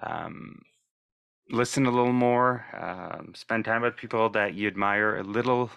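A man hosting a podcast speaks in a lowish voice, easygoing and conversational. He tends to close his points with little tag questions. The recording is close and dry. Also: unhurried, gravelly, fairly bright tone, clean tone, no room sound, highs cut off. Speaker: podcast host. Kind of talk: casual interview chat.

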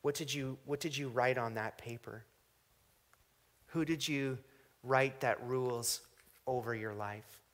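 A man preaching a sermon, reading scripture aloud and swinging from booming emphasis to hushed, drawn-out phrases. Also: steady tone. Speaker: pastor.

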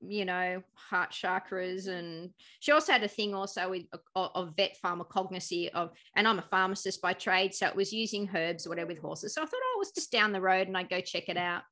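A woman chatting in a lively, storytelling way, often laughing and voicing the people in her anecdotes. Her tone is bright and forward, with a crisp edge. She talks casually, as a guest on a podcast. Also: lowish voice, fairly quick, few pauses. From Australia. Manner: animated storyteller, laughing, acting out quotes. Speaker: guest, pharmacist.

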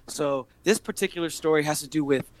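A man's voice: a little high, fairly quick. Young man telling a heated, profane story. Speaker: podcast guest, barber and rapper. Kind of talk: casual storytelling chat.

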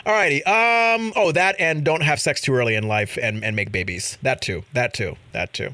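A man hosting a casual chat show about viral videos, animated and laughing as he acts out quotes. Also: mid-range voice, moderate pace, dry recording. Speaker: show host.

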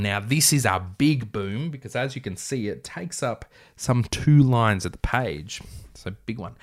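A man's voice: medium pitch, lively intonation, a little slow. Man, reading a story aloud, wry asides, joking, casual. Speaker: reader of his own story.

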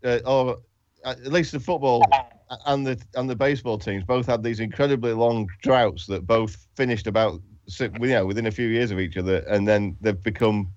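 A man chatting casually in a podcast who often stumbles and restarts mid-sentence. His voice sits at a middle pitch, recorded dry and a little dull. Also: darkish tone, no room sound. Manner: halting, stumbling over words. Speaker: podcast co-host. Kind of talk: casual chat. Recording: dry, lo-fi sound.

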